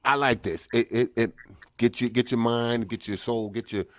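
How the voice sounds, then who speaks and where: A man's voice: medium pitch, steady tone, moderate pace, no echo. A man from New York, co-hosting a podcast, telling stories in a loose, swearing, casual way. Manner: loose, swearing, storytelling with lots of "you know what I mean". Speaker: podcast co-host. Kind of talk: casual chat.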